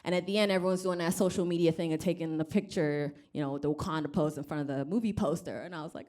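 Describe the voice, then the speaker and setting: A woman's voice: fairly low pitch, lively intonation, brisk, fairly bright tone, slight background noise. A woman from Rwanda doing a stand-up comedy set on stage, wry and self-deprecating, acting out other people's voices. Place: comedy club stage with live audience.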